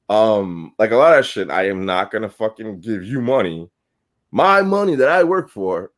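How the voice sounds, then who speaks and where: A man hosting a podcast, ranting heatedly and swearing constantly in casual talk. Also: medium pitch. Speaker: podcast host.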